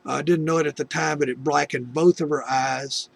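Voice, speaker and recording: Middle-aged guy from the us, gravelly husky voice, rambling faith story with lots of restarts. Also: a little high, fairly even intonation, moderate pace. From United States. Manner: rambling, with many restarts and asides. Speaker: video testimony host. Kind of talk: personal faith testimony storytelling.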